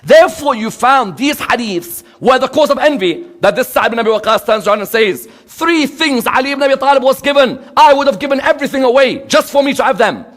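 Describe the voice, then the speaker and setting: A man delivers a religious lecture, posing rhetorical questions to his audience and acting out quoted dialogue. His very high voice is expressive and fairly quick with few pauses, swinging dramatically between loud and hushed.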